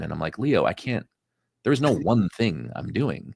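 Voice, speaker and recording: A man who is a financial advisor and podcast guest, telling stories in a casual, animated way and acting out what people said to him. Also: deep voice, gravelly, slightly rough, no echo, clean studio sound. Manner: fast, animated storyteller acting out quoted dialogue. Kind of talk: casual interview storytelling.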